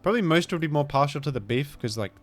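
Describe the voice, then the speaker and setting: A man's voice: on the high side, expressive, fast talker, soft background music. A man with an Australian accent, a gaming streamer giving rambling, self-deprecating commentary that trails off into mumbled asides. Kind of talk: casual rambling game commentary.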